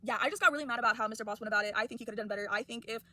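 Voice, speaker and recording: A young woman talks fast and heatedly in a casual rant vlog. Her voice is high and bright. She gets worked up as she goes. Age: young adult. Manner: animated, indignant ranting. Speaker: college student.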